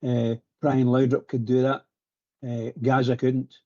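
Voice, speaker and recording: A Scottish man with a husky voice calling in to a fan radio show, talking keenly with stumbling restarts. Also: mid-range voice, flat delivery, a little slow, dark tone, highs cut off. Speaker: caller. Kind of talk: phone-in chat.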